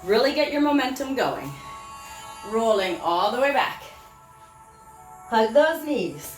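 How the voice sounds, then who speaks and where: A woman leading a children's yoga class, giving gentle, encouraging instructions with frequent praise. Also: on the high side, sing-song, slow, roomy sound, faint music behind. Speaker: kids yoga teacher. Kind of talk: guided children's yoga lesson.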